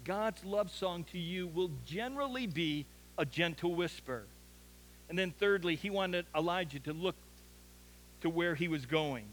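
A man's voice: high-pitched, fairly bright tone, slight background noise, poor audio. A man preaching an earnest sermon as a pastor, building to emphatic peaks.

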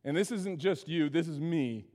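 High-voiced man preaching in a reverberant hall. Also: moderate pace, warm tone. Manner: conversational preaching, frequent "right?" asides. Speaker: pastor. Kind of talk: sermon.

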